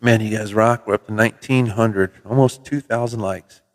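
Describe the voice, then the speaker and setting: A middle-aged man from Minnesota hosting a casual livestream from his CB radio shop, telling relaxed folksy stories with mild swearing. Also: fairly low pitch, normal speed, long reverb tail. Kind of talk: casual livestream chat with viewers. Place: CB radio shop in New Mexico.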